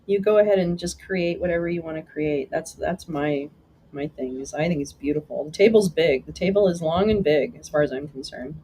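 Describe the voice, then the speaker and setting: Chatty woman streamer with a mellow, low voice. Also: brisk, slight background noise, rough recording. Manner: chatty and meandering, with frequent restarts. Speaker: live-stream host. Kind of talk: casual live-stream chat, answering viewer comments.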